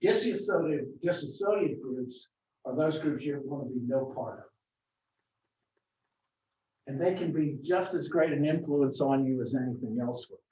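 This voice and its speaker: This marketing professor speaks at a fairly high pitch with a dark tone and normal speed, leaving long pauses as he lectures conversationally with anecdotes and frequent restarts. Recorded from afar in an echoey classroom, the sound is dull, with slight background noise.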